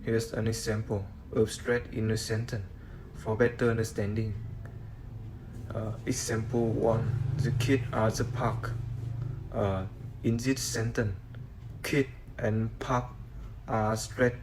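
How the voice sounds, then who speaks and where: A man whose first language is Vietnamese, reading a class presentation on sentence stress in a halting way with many "uh" fillers. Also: fairly low pitch, flat delivery, a little mellow, slight background noise, low-quality recording. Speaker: student presenter.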